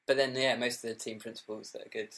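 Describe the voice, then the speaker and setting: A man's voice: mid-range voice, little pitch movement, fast, bright, forceful tone. A man co-hosting a casual talk show, wry and joking, swearing freely. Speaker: podcast co-host. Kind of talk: casual chat.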